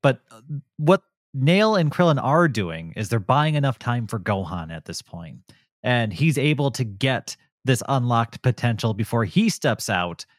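A man's voice: mid-range voice, sing-song, unhurried, no echo. Man, podcast co-host, casual review chat, enthusiastic, laughs a lot, dry close mic.

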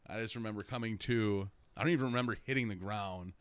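A man's voice: on the low side, fast. A young man telling a rambling story in casual chat, swearing constantly and laughing through his own stories.

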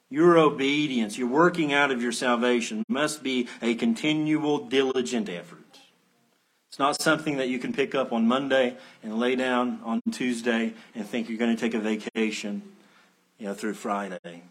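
A man preaching an expository sermon, earnest, swelling to emphatic peaks, then dropping low, with conversational asides and rhetorical questions. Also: fairly bright tone. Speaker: pastor.

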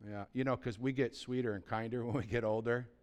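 A man's voice: medium pitch, steady tone, fairly quick, darkish tone. A man preaching a sermon as pastor, blunt and urgent, asking the listeners rhetorical questions.

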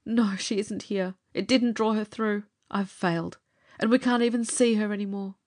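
A woman's voice: medium pitch, fairly even intonation, moderate pace, a little mellow, close to an everyday voice. A woman reading the part of a brilliant, driven young male scientist in an audiobook, with urgent, earnest delivery. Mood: despairing.

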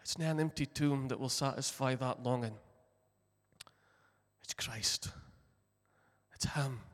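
Slow, passionate preacher in a reverberant church. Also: male voice, mid-range voice. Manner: retells a story, acting out the voices in it; swings between loud passionate lines and hushed ones. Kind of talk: sermon. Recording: long hall reverb.

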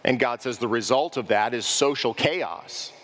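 A male pastor delivers a sermon from a church sanctuary, his mid-range voice ringing with long reverb through the hall. He asks his congregation questions and now and then mimics worshippers in quick asides. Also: mid-range voice, fairly bright tone. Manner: preaching with rhetorical questions to the congregation.

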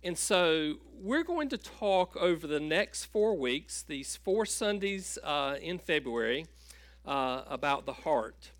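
A male pastor preaching a sermon, telling a joke story and halting often with fillers and restarts. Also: a little high, very animated, no echo.

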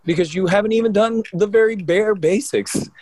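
A man, a pro wrestler and co-host, telling stories in an animated, rambling way with lots of restarts. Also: high-pitched, normal speed, no room sound. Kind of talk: casual storytelling on a podcast.

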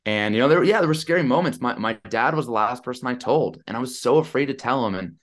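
A man's voice: mid-range voice, fast. Chatty man telling a story. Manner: animated, chatty, lots of "I'm like". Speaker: podcast guest. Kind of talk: casual storytelling.

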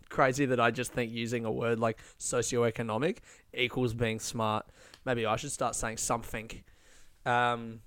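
A man's voice: medium pitch, bright, forceful tone, clear, resonant tone, no room sound, clean studio sound. A young Australian man, a stand-up comedian, rambling through a profane, self-mocking casual monologue.

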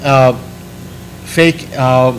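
A man hosting a podcast in casual chat, rambling and restarting his sentences, animated when he quotes people. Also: mid-range voice, very slow, slight background noise, low-quality recording. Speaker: podcast host.

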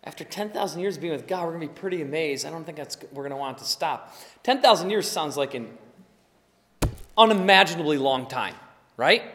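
A man preaching a sermon, emphatic, swinging between quiet explanation and loud exclaiming. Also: on the high side, animated, brisk, background noise. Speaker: pastor. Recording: long hall reverb.

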